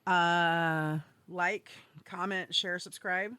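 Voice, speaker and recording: A woman's voice: on the low side, very slow, clean tone, dry recording. A woman co-hosting a podcast in casual chat, swearing freely and laughing often as she talks. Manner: profane, excitable and laughing. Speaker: podcast co-host.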